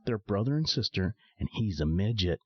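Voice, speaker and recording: Gushing busybody woman, middle-aged, eager and nosy, put on by a male narrator, lifted pitch, dry lo-fi sound. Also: sing-song, moderate pace, no echo.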